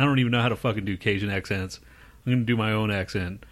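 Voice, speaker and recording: A man with a lowish voice hosts a podcast in loose, crude banter. He rambles, swears freely and laughs at his own jokes. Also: fast. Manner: profane, rambling, laughs often. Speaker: podcast co-host.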